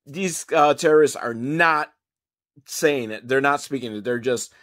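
A man's voice: mid-range voice, a little slow, a bit bright. A man giving a casual, comedic movie recap, rambling and sarcastic with some swearing. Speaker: movie reviewer.

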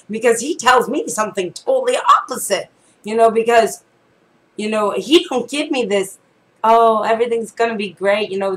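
Chatty woman preacher, higher voice. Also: a bit bright, low-quality recording. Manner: chatty and conversational, with frequent fillers and asides; reads scripture in an earnest preaching tone. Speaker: prophetess and live-stream preacher. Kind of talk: casual devotional talk with reading and prayer.

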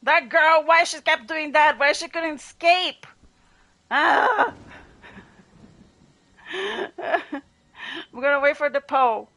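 A woman streaming a horror game live, yelling and swearing at her teammates and chatting with viewers. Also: high-pitched, slow, vocal fry, long pauses. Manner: excitable, swears and yells at other players; talks to chat between rounds. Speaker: gaming livestreamer. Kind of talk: live gameplay commentary.

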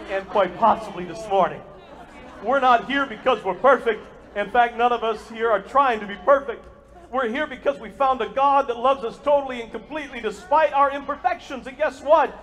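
A man preaching a sermon as pastor to a live congregation, energetic and joking, and speaking straight to the people in front of him. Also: very high voice, big-room sound. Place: church sanctuary with a live congregation.

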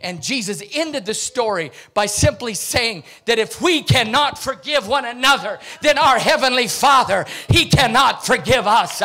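A man preaching a Pentecostal sermon, theatrical and breaking into shouts. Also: very high-pitched, lively intonation, unhurried, few pauses, a faint crowd.

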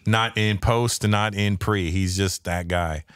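A man's voice: fairly low pitch, a little slow, clean tone, no room sound, clean studio sound. A man in his fifties from Canada, a stand-up comedian telling stories in casual chat, swearing freely and acting out the voices of people he quotes. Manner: profane, animated, acts out quoted voices.

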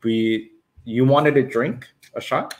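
A man's voice: medium pitch, slow pace. A man co-hosting a live cooking stream from a home kitchen, explaining each cooking step in a friendly, upbeat way. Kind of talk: casual live-stream chat while cooking.

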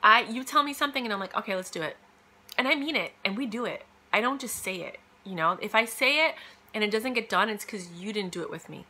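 A woman's voice: mid-range voice, lively intonation, fast, bright, forceful tone. A woman talking casually and emphatically, giving career advice with lots of fillers and quoted asides. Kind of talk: casual motivational monologue.

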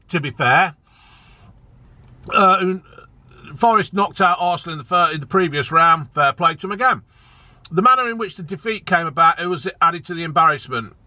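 A man's voice: high-pitched, bright, forceful tone, no echo. A man ranting angrily as a football fan vlogger, swearing a lot and repeating himself for emphasis. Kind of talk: angry ranting vlog.

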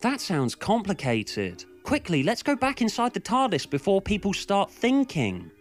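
A bland, simple-minded sidekick speaks up in a chirpy, slightly raised voice, as a man puts it on. Lively pitch, played for comedy in a parody story. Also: a little slow, faint music behind, full character voice. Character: bland cheerful sidekick companion.

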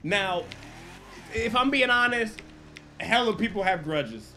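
A man's voice: high voice, lively intonation, takes it slowly, sharp tone, faint music behind. A man streaming a roleplay game, chatting casually, swearing freely and explaining rules to other players. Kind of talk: casual livestream chat.

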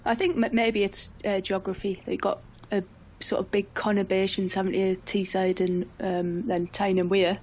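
Breathy-voiced woman. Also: mid-range voice, flat delivery, moderate pace, a little mellow, poor audio. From North East England. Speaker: football pundit and commentator. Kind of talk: casual studio chat. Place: radio studio.

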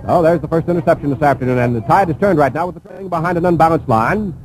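A man giving live radio play-by-play of a football game, calling each play in a brisk, steady flow. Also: a little high, slight background noise, low-quality recording. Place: press box at a stadium.

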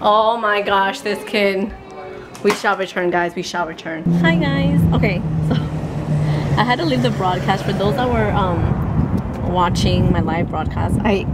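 A young woman chatting casually to her camera in a home vlog, bubbly and giggly and quick to gush. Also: mid-range voice. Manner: bubbly, giggly, easily gushing. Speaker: vlogger. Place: at home, later in a car. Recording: noisy background hum.

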